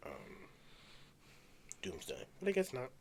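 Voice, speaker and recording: A man's voice: medium pitch, wildly swooping pitch, slow pace, gravelly, slight background noise. A young man co-hosting a podcast, chatting casually in a laid-back, rambling way with slang. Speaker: podcast co-host. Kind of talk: casual chat.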